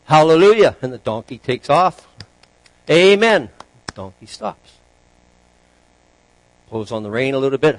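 A man preaching as a pastor, telling a joke story in a relaxed, chatty way with asides to the congregation. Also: mid-range voice, no echo, rough recording.

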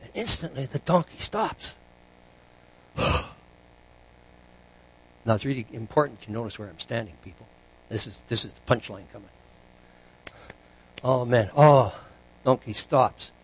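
A man preaching as a pastor, telling a joke story in a relaxed, chatty way with asides to the congregation. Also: medium pitch, a little slow, pauses often, breathy edge, low-quality recording.

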